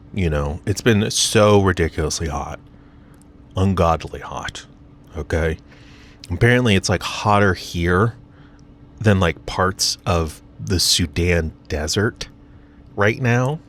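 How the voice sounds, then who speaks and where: A man's voice: sits low, slow pace, pauses often, a bit bright, slight background noise. An American man vlogging from his parked car, rambling casually with lots of fillers and self-mocking asides. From United States.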